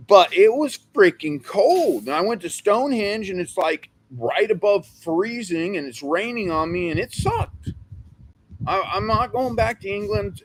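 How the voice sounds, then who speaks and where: A man from California chatting on a livestream, rambling and joking as co-host. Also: on the high side. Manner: rambling, excitable, jokey. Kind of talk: casual livestream chat.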